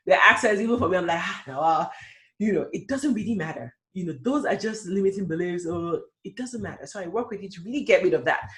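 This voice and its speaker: Male career coach, middle-aged, high pitch, punchy motivational webinar delivery, mimics doubters. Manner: emphatic, animated, acts out quoted doubters.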